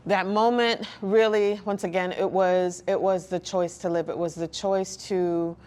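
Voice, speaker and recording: A woman talking as an interview guest, earnest and reflective, with pauses and restarts. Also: fairly low pitch, steady tone, a little mellow. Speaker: guest, licensed counselor. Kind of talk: candid personal interview talk.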